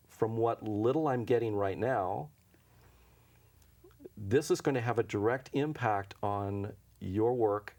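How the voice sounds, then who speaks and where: Man, low voice, gravelly, anecdotal storyteller, TV studio interview. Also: darkish tone. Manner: anecdotal, acts out dialogue, chuckles often. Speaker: guest, intuition teacher. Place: local TV studio.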